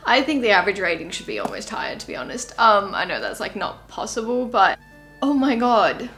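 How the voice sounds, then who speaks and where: A woman's voice: medium pitch, big pitch swings, fairly quick, fairly bright tone, faint music behind. A young woman vlogging about books in a casual, rambling way, openly emotional and gushing about what she reads. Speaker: book vlogger. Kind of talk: casual reading vlog.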